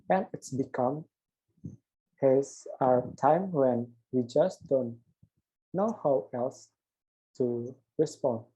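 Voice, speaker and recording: The audio is dull as a young man, a student doing an assignment, reads out an interview script in which he plays host and guest alike. His mid-range voice is dark with a breathy edge, and he keeps stumbling and restarting on words.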